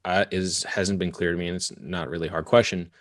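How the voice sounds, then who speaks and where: A man hosting a podcast, asking a question in a halting way as he searches for words. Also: low voice, flat delivery. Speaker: podcast host. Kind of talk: casual interview questions.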